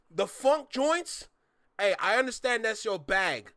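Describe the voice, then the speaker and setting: A young man hosting a music reaction, talking casually with loud outbursts and hushed awe. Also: sits high, big pitch swings, a little slow, dry recording, studio quality.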